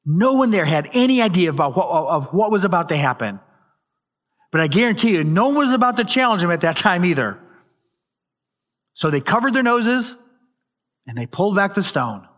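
Higher-voiced male pastor preaching dramatically. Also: very animated, normal speed, long pauses. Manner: dramatic storytelling, rising to loud emphasis. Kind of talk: sermon.

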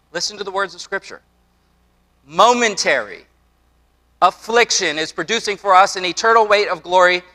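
A man in his forties preaches to a congregation in an earnest, conversational way, doubling back on his words and dropping in casual asides. His voice sits high for a man, with a bright, forceful edge. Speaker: pastor. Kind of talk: sermon. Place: church before a congregation.

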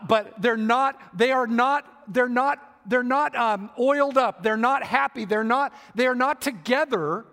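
A man's voice: very high voice, a bit bright, long reverb tail. A man preaching a sermon, who restates his points again and again and asks the congregation rhetorical questions. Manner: repeats and rephrases for emphasis, asks rhetorical questions.

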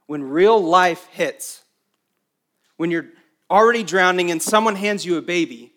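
Man, pastor, sermon, higher-pitched voice, emphatic then hushed delivery. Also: normal speed. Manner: impassioned, shifting between emphatic raised delivery and quiet intimate stretches.

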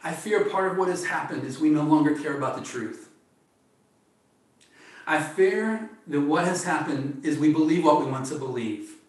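A man preaching a sermon in an earnest, measured way, often appealing to his listeners as friends. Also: a little high. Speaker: pastor. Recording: echoey room, distant mic.

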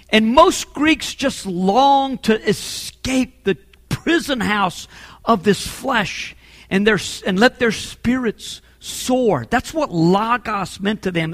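A pastor delivers a sermon in a high voice with a long reverb tail. He grows emphatic and builds to forceful peaks, repeating words when fired up to press his point.

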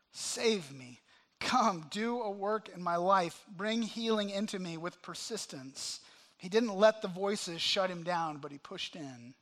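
A man preaching a sermon to a congregation, impassioned, swinging between loud cries and hushed asides. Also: high-pitched. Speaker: pastor. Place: church sanctuary.

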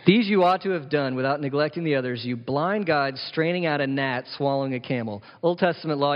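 A male pastor preaching an emphatic sermon, full of rhetorical questions and playful asides. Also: medium pitch. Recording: echoey hall, dull lo-fi sound.

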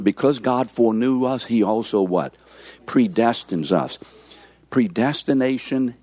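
A male pastor preaching a teaching sermon in a lowish voice. He drags out key words for weight and keeps asking his listeners if they follow along. The recording is dry and close. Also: a little mellow, no echo. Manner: slows to stress key words.

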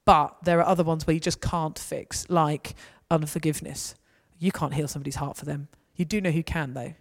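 Woman giving a lively talk. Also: deep voice, fairly quick. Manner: conversational, lively and anecdotal. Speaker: speaker. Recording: reverberant hall.

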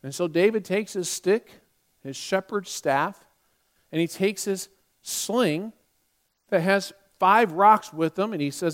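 High-voiced preacher telling a story. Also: male voice, slow pace. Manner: animated retelling with quoted dialogue. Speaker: pastor. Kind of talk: sermon storytelling.

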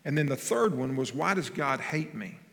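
A man preaching a sermon, swinging from loud emphasis to hushed tones and asking the congregation questions, recorded in a church sanctuary. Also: mid-range voice, animated, normal speed, vocal fry. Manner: asks the congregation questions and has them repeat phrases. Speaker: pastor. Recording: long hall reverb.

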